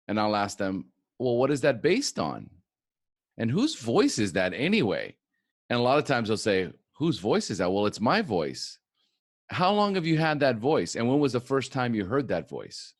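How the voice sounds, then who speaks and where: A man who works as a recovery coach giving a conference talk, acting out quoted voices as he speaks. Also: mid-range voice. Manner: animated, acts out quoted voices.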